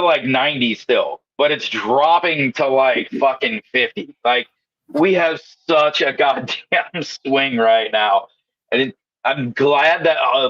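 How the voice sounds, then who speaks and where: A man's voice: mid-range voice, fairly bright tone, highs cut off. A man co-hosting a casual cannabis chat, rambling, swearing and laughing often. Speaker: podcast co-host.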